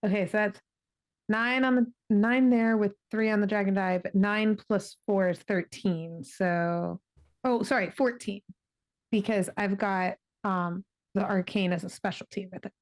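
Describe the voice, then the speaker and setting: A woman's voice: mid-range voice, fairly even intonation, a little slow. A woman playing a tabletop role-playing game, chatty and thinking aloud as she adds up her dice. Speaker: player. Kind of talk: casual tabletop play.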